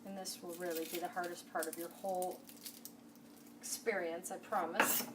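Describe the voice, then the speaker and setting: A woman's voice: fairly low pitch, level tone, normal speed. A woman hosting a home cooking video, chatty and enthusiastic, talking straight to the viewer as she cooks. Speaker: home cooking show host. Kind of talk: casual cooking demonstration. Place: home kitchen. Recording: distant camera mic, kitchen noise. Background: cooking sizzle and utensil clatter.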